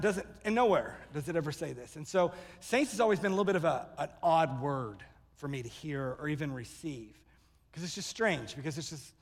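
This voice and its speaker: A man preaching a sermon as pastor, telling stories and acting out quoted people with sudden loud bursts. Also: fairly high pitch, big-room sound. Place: church sanctuary.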